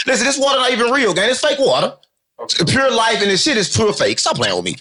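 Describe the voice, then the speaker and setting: A man giving an interview in loose, unfiltered street talk, animated and joking, cursing and repeating his catchphrases. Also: extremely high pitch, fast talker. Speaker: interview guest.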